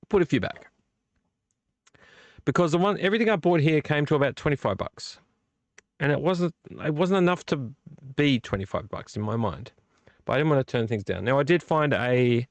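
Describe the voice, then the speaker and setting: A man's voice: mid-range voice, no room sound. A man hosting a live vlog, chatting casually and enthusiastically, rambling, swearing freely and talking straight to his viewers. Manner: enthusiastic, talks to the chat directly. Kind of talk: casual live-stream chat.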